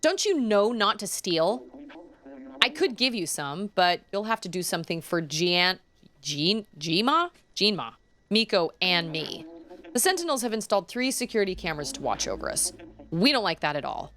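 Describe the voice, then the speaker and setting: Chatty game robot, a woman just reading its lines out loud, pretty much her normal voice, bouncy. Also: mid-range voice, very animated, moderate pace. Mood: complaining. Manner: reads the character's lines aloud casually.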